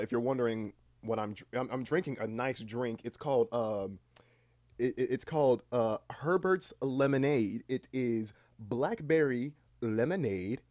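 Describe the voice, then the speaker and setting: A young man hosting a casual livestream chat in a rambling, halting way, with deadpan, self-mocking humor. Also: lowish voice, no room sound, clean studio sound. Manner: rambling and halting, with many restarts. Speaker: livestream host.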